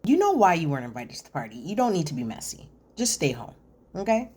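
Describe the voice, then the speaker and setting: A woman's voice: deep voice, big pitch swings, fast talker, warm tone, slightly rough. A woman hosting a chatty, sassy recap of a reality TV episode, talking straight to her viewers. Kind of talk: casual episode recap commentary.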